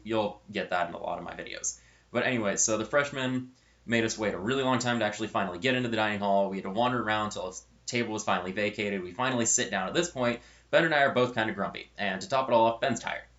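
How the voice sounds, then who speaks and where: On his own channel, a young man tells a funny college story in a casual, meandering way, fixing his words as he goes. He has a lowish voice with a fairly bright tone, and the sound is lo-fi.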